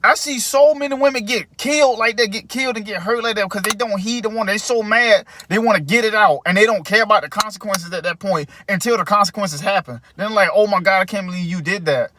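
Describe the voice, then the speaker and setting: A man's voice: high-pitched, fast, hardly any pauses, sharp tone, a little hiss or hum. A man in casual chat, opinionated and lecturing as he retells scenes at length.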